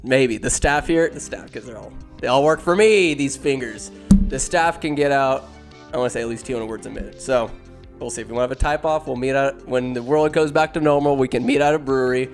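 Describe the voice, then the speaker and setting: A young man in casual, rambling commentary, ranking animated films with profane, self-deprecating jokes. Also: mid-range voice, fairly quick, soft background music. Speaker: solo movie-ranking streamer.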